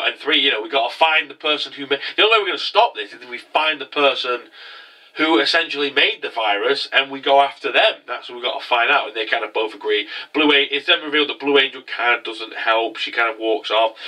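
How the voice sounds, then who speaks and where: A man's voice: medium pitch, sharp tone, distant mic, low-quality recording. A man casually recapping an anime episode, rambling with many restarts. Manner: rambling, frequent restarts and fillers.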